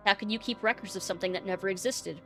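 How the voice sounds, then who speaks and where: Woman reading a prim middle-aged librarian from a game, sweet-mannered and evasive, soft music under her. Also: mid-range voice, rapid-fire. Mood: guarded. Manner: sweetly polite, calls people dearie. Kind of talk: reading game dialogue aloud.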